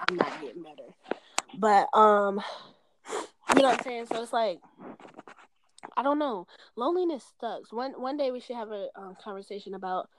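A woman's voice: mid-range voice, heavy background noise. A woman in her twenties talking on a phone call in a rambling, casual way, swearing often and filling with "like". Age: 20s.

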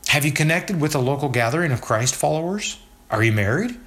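An inquisitive friend who keeps asking questions, voiced by a male narrator. His voice rises a little above the narrator's own and moves with a lively range. It is acted dialogue in a storybook reading. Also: fairly high pitch, fairly quick, pitched above the performer's own voice. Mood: curious. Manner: inquisitive, asks many questions. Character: curious, warm male old friend, adult.

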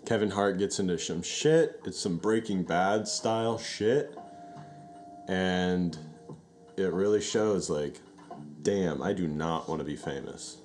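A man's voice: low voice, takes it slowly, a little hiss or hum. A man co-hosting a podcast, rambling and swearing casually as he talks. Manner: rambling, profane, animated retelling. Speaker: podcast co-host. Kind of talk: casual chat.

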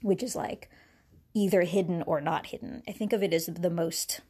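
The woman's voice is lowish, steady, and dark with a breathy edge, and she speaks at normal speed. As a podcast host, she wanders casually through reflections on spirituality. She often laughs between ideas, restarts her sentences, and uses plenty of fillers.

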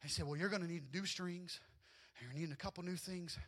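A man with a high, bright voice preaching a sermon. He tells personal stories with lively, animated energy and often climbs almost to a shout. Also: quick pace. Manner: animated storytelling, often rising to near shouts, with laughs. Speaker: pastor.

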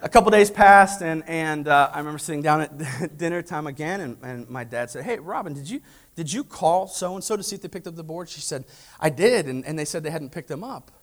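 Storytelling male pastor, slightly high voice. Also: brisk. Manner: storytelling, animated, acts out family dialogue; direct questions to the congregation. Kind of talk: sermon.

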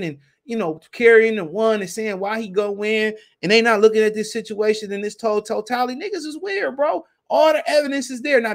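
A man hosting a podcast, ranting in a heated, profane, repetitive way. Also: very high-pitched. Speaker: podcast host. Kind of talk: casual podcast rant.

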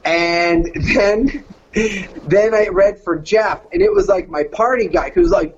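A man's voice: sits high, measured pace, muffled recording. A middle-aged man from Canada, a voice actor casually telling a story and slipping into surfer-dude voices.

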